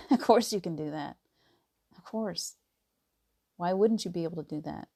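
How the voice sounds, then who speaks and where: A woman talks casually about spiritual practice, her voice low and mellow. She laughs often and slips into hushed, near-whispered tones when she acts out inner voices. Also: normal speed, breathy edge. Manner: soft and gentle, drops to near whispers. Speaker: spiritual teacher.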